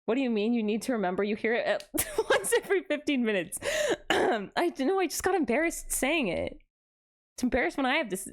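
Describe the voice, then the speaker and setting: Young woman, high lively voice, bubbly live-stream chat, gasping greetings. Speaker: VTuber streamer.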